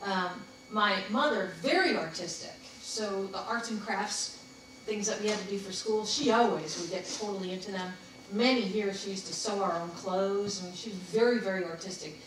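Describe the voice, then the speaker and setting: A woman's voice: medium pitch, normal speed. Woman running a workshop, laughs a lot, tells stories, far off mic in a big echoey room, bit of hiss. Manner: chatty, laughing, anecdotal. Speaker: workshop leader. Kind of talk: casual group workshop talk. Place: meeting room with a group.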